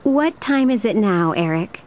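A woman speaking clearly in a scripted everyday dialogue for an English course. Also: medium pitch, lively intonation, a little slow, darkish tone, natural voice.

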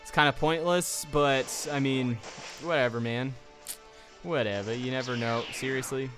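A man's voice: mid-range voice, fairly even intonation, normal speed, fairly bright tone, soft background music. A young man giving casual let's play commentary, exasperated and ranting at the game, with a sniffly nose.

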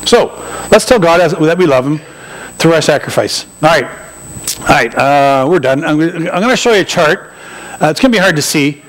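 A man's voice: a little high, lively intonation, brisk, fairly bright tone. A man preaching a sermon in a church, chatty and joking, with asides to the congregation. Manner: conversational and joking, with acted-out asides. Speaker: pastor. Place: church sanctuary. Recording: poor quality church recording.

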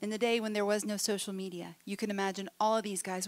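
A woman speaker at a conference, spinning a funny story with plenty of swings in her voice. Her pitch sits in a middle range. A faint bit of music lingers in the background. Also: fast talker, hardly any pauses. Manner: animated, humorous, acts out voices. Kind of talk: storytelling talk to an audience. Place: hall with a live audience.

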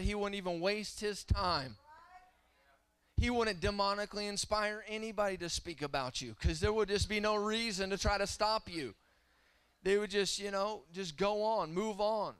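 A man in his thirties preaching a humorous, animated sermon that swings between loud and soft. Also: high-pitched, clean tone. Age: 30s.

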